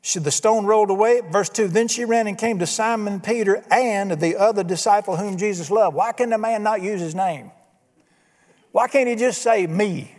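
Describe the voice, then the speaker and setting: A man delivers a sermon from the pulpit, his voice sitting high for a man. He talks in a folksy way, throwing out rhetorical questions. The sound carries a long reverb from the church hall. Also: fairly quick, few pauses, a little mellow. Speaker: pastor.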